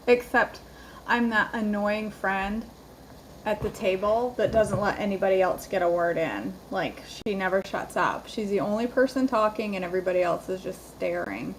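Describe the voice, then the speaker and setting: A woman's voice: mid-range voice, normal speed, a little hiss or hum, poor audio. A woman hosting a live cooking stream, chatty and rambling, greeting viewers by name from her home kitchen. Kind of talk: casual live-stream chat.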